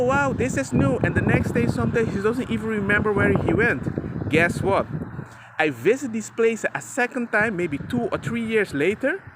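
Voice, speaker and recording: A man talks straight to his viewers in an emphatic, chatty way. His voice sits high and swoops all over the place. He sounds like a dad giving friendly advice to his audience. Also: heavy background noise. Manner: animated, emphatic, chatty, addresses viewer as "bro". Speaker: father sharing parenting advice. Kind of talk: casual talk to camera.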